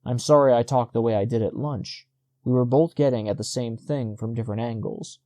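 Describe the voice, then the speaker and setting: A man's voice: mid-range voice, fairly quick, warm tone, no room sound, natural voice. A man as a worried young husband. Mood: apologetic. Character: uneasy young husband, guarded and apologetic.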